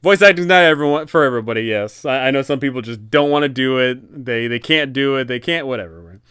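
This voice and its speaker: A man's voice: medium pitch, fast talker, fairly bright tone, smooth, no echo. Man giving casual game-master advice, rambling, self-correcting, resonant voice, dry close sound. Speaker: dungeon master and channel host.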